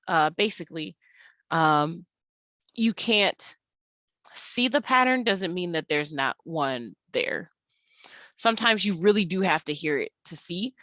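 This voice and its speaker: Young adult woman, teacher narrating a slide lesson; low pitch, dry close-up sound, relaxed and filler-heavy. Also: no echo. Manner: unhurried, many ums and uhs. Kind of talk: recorded slide lesson walkthrough.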